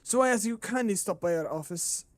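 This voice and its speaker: A man's voice: high voice, expressive, no echo. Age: adult. Figure: a man putting on a French-accented gang caller. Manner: silky, threatening. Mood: silky menace. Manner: slow, silky, threatening politeness. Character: smooth menacing male gang caller, French. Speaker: streamer voicing game dialogue.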